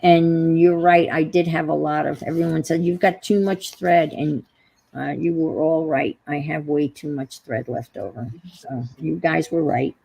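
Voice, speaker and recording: A woman's voice: low voice, fairly even intonation, unhurried, vocal fry, mellow, poor audio. A woman with a New York accent hosting a casual crafting livestream, rambling and trailing off as she searches for words.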